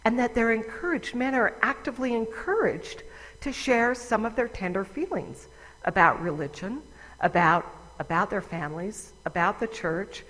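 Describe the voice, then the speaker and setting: A woman's voice: mid-range voice, normal speed, fairly bright tone. Wry woman speaker in a reverberant hall. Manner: conversational and wry, with fillers. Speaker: conference speaker. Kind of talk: personal talk to an audience. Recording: long reverb of a large hall.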